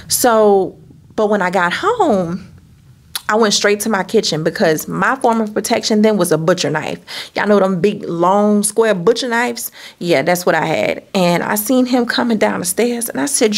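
A woman with a gravelly, fry-edged voice tells a dramatic story to the camera. Her delivery is animated, with frequent asides to her viewers. She acts out quotes with sudden high-pitched bursts. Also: normal speed. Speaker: vlogger telling a personal story. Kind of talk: storytime vlog.

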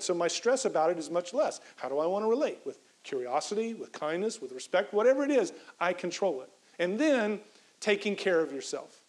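Man, high voice, motivational keynote, energetic, repeats phrases for emphasis. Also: poor audio. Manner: coaches the audience through a breathing exercise. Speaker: professor giving a keynote talk.

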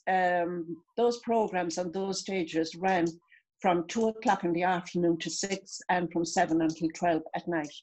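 A woman's voice: on the low side, a little mellow. A woman with an Irish accent, a guest reminiscing in a chatty way with many restarts over a video call. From Ireland. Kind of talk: video call interview chat.

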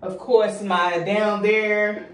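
A woman's voice: medium pitch, level tone, very slow, reverberant, distant mic. A young woman vlogging, chatty and effusive, a little out of breath as she talks to her viewers. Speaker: home organization vlogger. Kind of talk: casual vlog chat. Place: bathroom.

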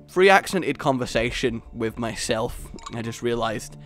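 A man's voice: medium pitch, animated, measured pace, a bit bright. A man giving casual, joking gameplay commentary as a channel host, with self-deprecating asides.

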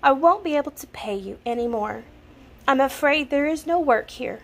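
A kind old village witch, as a woman reads her aloud, gentle and motherly in a storybook. She speaks soothingly and slips in Italian words, her voice high and lively with a wide rise and fall. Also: normal speed.

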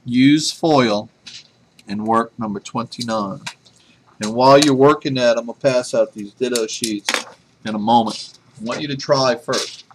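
A man's voice: medium pitch, a little slow. A man teaching a math class, chatty and self-deprecating, telling a joke before getting to the lesson. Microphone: webcam. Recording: faint room noise from a webcam.

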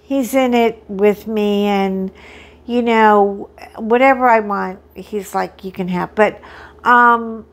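A middle-aged woman hosting a crafting vlog, chatting casually and excitedly while unboxing, often poking fun at herself. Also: mid-range voice, slow pace. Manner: chatty, excitable, self-deprecating.

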